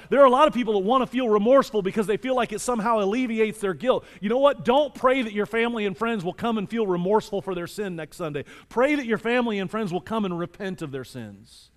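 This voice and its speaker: A male pastor preaching a sermon with animated delivery, moving between loud emphasis and quiet scripture reading. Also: high-pitched, fast talker, hardly any pauses, long reverb tail.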